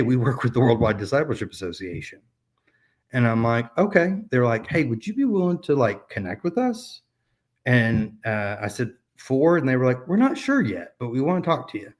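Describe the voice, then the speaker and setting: A man in his thirties telling a personal story in a casual chat, rambling with many fillers and restarts. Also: medium pitch. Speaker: podcast guest.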